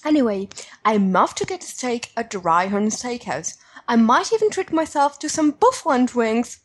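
Woman putting on a shaky British accent, breathy. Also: animated, moderate pace. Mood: playful. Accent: attempted British. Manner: bouncy, playful, with big swings in pitch. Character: enthusiastic thirty-something fan from London reading a letter. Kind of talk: reading a listener email aloud.

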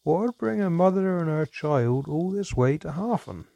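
A man voicing a shrewd old male dwarf innkeeper who talks jovially, then quietly probes. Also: on the high side, lively intonation, measured pace, vocal fry, dry recording, muffled recording, voice pushed up. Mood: probing.

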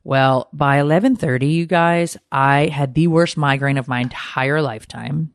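A woman's voice: low voice, moderate pace, no room sound. Candid woman telling a story, dry sound. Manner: animated, candid, swears freely. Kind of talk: casual storytelling chat.

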